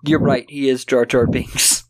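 A man's voice: medium pitch, flat delivery, measured pace, no room sound. A man co-hosting a podcast, recapping movie scenes with profane jokes and silly voices. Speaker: podcast co-host. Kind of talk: casual movie chat.

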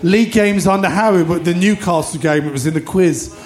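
A man's voice: sits high, a little fast. A man hosting a live podcast, reminiscing with enthusiasm about old football matches. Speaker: podcast host. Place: live show venue with audience.

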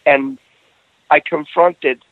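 A man's voice: fairly high pitch, steady tone, very slow, no echo, narrow, tinny audio. A middle-aged man telling a personal story in casual conversation, earnest, often restarting his phrases.

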